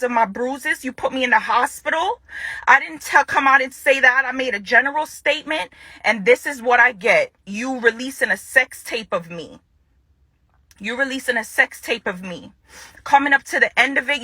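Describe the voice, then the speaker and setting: A woman's voice: high voice, normal speed, pushed and bright, husky, no room sound. A young adult woman making an angry public statement to her ex-partner, confrontational and furious, repeating phrases for emphasis.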